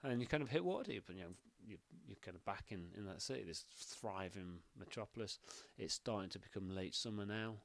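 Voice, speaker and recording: A man's voice: on the low side, expressive, brisk, creaky, hardly any pauses, no echo. A man narrating as game master, rambling with many fillers.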